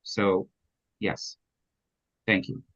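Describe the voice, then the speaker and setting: A man giving earnest public testimony at a hearing, halting with fillers and restarts. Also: a bit bright. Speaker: public witness. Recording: dull lo-fi audio.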